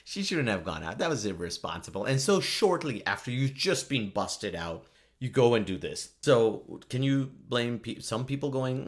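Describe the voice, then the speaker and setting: A man's voice: medium pitch, lively intonation, normal speed. A man hosting a solo podcast, rambling and joking, laughing often at his own remarks. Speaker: podcast host.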